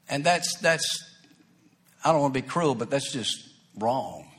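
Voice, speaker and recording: Folksy preacher, slightly high voice. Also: male voice, expressive, moderate pace, long pauses, pushed and bright. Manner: folksy, conversational, breaks into acted quotes and asides. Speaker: pastor. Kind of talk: sermon with personal storytelling.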